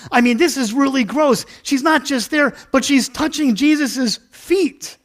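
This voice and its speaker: A man's voice: high-pitched, expressive, moderate pace, few pauses. A male pastor giving a casual, interactive sermon in a church, chatty and self-deprecating, acting out a Bible story with volunteers. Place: church sanctuary.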